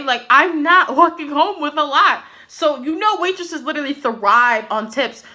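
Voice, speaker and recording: A young adult woman telling a casual storytime to her vlog viewers, chatty and animated, filling her talk with "like" and "literally". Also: high voice. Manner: chatty, filler-heavy with many "like"s and "literally"s; animated, swinging between exasperated and laughing. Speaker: vlogger.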